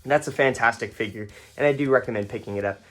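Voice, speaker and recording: A man's voice: medium pitch, fast talker, faint music behind. Young man rambling through a figure review. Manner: rambling with many fillers and restarts. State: stuttering, foggy after a fight. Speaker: toy collector reviewing action figures. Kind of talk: casual unboxing review.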